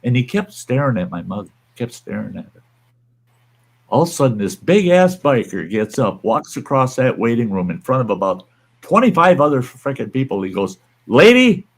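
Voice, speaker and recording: Older man, livestream host, gravelly voice, salty folksy storytelling, medium pitch. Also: big pitch swings, moderate pace. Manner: profane, blunt, folksy. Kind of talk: casual storytelling.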